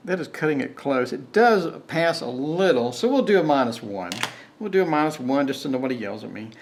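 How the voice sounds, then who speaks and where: A man's voice: mid-range voice, lively intonation, fairly quick, a little hiss or hum. Man muttering through a board game. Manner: thinks aloud, reads cards, counts dice, grumbles at bad luck. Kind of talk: solo playthrough commentary.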